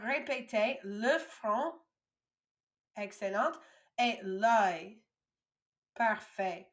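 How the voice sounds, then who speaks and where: Woman, French teacher, slow careful pronunciation, higher voice. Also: a bit bright. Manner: slow drilled pronunciation, then quick English asides. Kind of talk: recorded language lesson.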